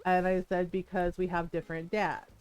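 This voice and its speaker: A woman streamer chatting casually while playing a game, frank and quick to laugh, swearing freely and acting out the people in her stories. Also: fairly low pitch, flat delivery, a little mellow, soft background music. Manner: frank, swears freely, laughs often, retells dialogue animatedly. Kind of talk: casual chat while gaming.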